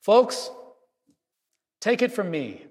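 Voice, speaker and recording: A man giving a Christmas homily as a priest, telling a story earnestly with measured pauses in a church. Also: high-pitched, big pitch swings, darkish tone. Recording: reverberant church hall.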